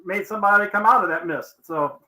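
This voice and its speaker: A man's voice: high voice, a little fast, sharp tone, low-quality recording. A man co-hosting a casual podcast, teasing the guest and asking questions. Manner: teasing, drily joking. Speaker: podcast co-host. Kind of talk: casual chat.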